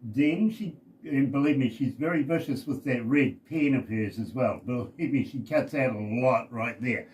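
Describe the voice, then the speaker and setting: A man's voice: mid-range voice, normal speed, darkish tone, lo-fi sound. A man from New Zealand hosting a radio interview, chatty and jokey, poking fun at himself. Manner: jokey, chatty, self-deprecating. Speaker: radio host.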